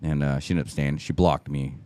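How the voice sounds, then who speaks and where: A man's voice: rumbling low, steady tone, a little fast, dark tone, dry recording. A middle-aged man, a fitness coach, telling an emphatic story in a casual podcast conversation, with frequent swearing. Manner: emphatic storytelling, profanity, acted-out quotes.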